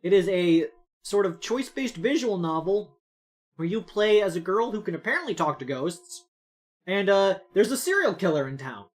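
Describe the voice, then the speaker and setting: A woman's voice: mid-range voice, big pitch swings, moderate pace. A woman streamer chatting casually while playing a visual novel game, amused and rambling. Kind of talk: casual gameplay commentary.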